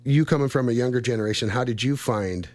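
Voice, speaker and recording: A man's voice: medium pitch, quick pace, darkish tone, no echo. Guy in his 30s rambling on a radio show, mid voice, dry close sound. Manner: rambling, friendly, laughs often. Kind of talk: casual chat.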